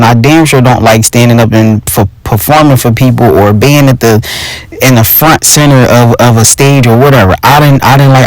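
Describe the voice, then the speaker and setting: A young adult man with a Philadelphia accent telling a personal story in a casual, profane, animated monologue as podcast host. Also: medium pitch, no echo, rough recording. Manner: animated, profane, addresses listeners as y'all.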